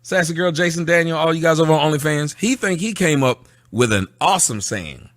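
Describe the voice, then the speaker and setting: A man's voice: a little high, expressive, fairly quick, fairly bright tone, dry recording. A man hosting a casual livestream, reading viewer comments aloud and answering them in a sarcastic, mocking way. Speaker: livestream host. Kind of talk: casual livestream rant to chat.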